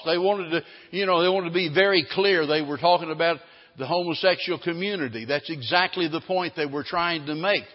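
Pastor, male, high-pitched and emphatic, drawn-out stressed phrases, muffled lo-fi church recording. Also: big-room sound. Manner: emphatic preaching, slowing down to stress key phrases. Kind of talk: sermon.

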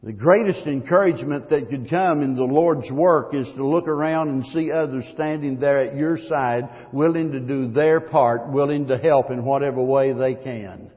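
A man preaching a sermon as pastor, emphatic, his voice swelling louder at key points. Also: mid-range voice, normal speed, few pauses. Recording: muffled long-reverb hall recording.

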